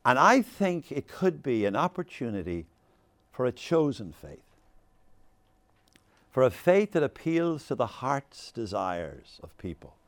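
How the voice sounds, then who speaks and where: Unhurried and mid-range, his voice comes through with no room sound. The man, in his sixties, lectures animatedly about faith, drifting into many tangents and anecdotes.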